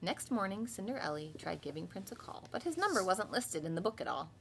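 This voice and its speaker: A woman in her thirties, a kindergarten teacher, reading a picture book aloud to children with lively voiced storytelling, then leading a home class. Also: medium pitch, a little fast, creaky, a little hiss or hum.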